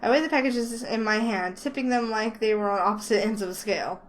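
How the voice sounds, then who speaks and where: A woman's voice: on the high side, a little fast, low-quality recording. A woman reading a visual novel aloud in the first person, breaking off for chatty, giggly asides about the script. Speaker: let's play host.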